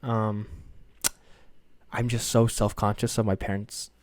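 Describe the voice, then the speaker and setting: Recording in his room at home while his parents are down the hall, a young podcast host delivers a casual solo monologue. His voice is fairly low and he takes it slowly. He rambles hesitantly with many fillers and restarts, and remarks self-consciously that he sounds monotone.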